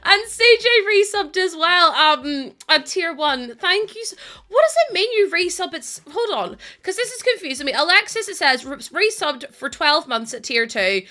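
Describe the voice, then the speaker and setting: A woman's voice: high-pitched, pushed and bright. A young woman chatting casually on her live stream, worn out, chatty and prone to giggling as she thanks viewers. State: tired.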